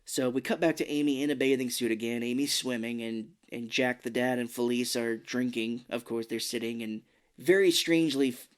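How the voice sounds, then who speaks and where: A man co-hosting a podcast, casually recapping a film's plot and slipping into quick character voices as he goes. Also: mid-range voice, steady tone, smooth. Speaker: podcast co-host. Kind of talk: casual film recap chat.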